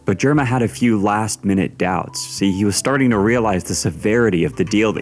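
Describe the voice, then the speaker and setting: Man, video essay narration, lowish voice, wry and amused, faint music underneath. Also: fairly quick, hardly any pauses. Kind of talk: scripted narration with commentary.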